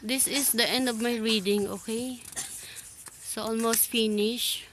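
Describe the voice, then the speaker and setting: A woman with a Filipino accent reading a novel aloud as English practice, slow and halting, often restarting and correcting herself. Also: a little high, steady tone, fairly bright tone, slight background noise.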